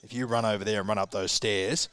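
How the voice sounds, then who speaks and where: A man's voice: lowish voice, steady tone, fast talker, fairly bright tone, clear, resonant tone, dry recording. An Australian man, a guest pundit, telling a long laughing anecdote in casual chat on a live sports show, acting out the people in his story. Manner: rambling, laughing anecdote with acted quotes. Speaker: guest rugby league pundit.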